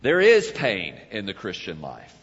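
A male pastor, preaching a sermon in a dramatic way, swelling to loud cries and then dropping low. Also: huge pitch swings, unhurried, husky. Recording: dull lo-fi sound with long hall reverb.

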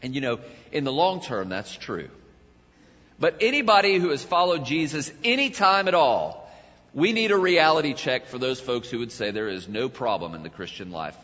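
A male pastor, preaching a sermon in a dramatic way, swelling to loud cries and then dropping low. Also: very animated, moderate pace. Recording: dull lo-fi sound with long hall reverb.

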